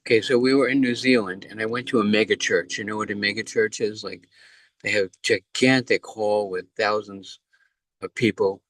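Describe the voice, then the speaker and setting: A man shares a story with a class over his phone, relaxed and chatty. The sound is dry and close, with no room around it. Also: lowish voice, normal speed, dry recording. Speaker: class participant.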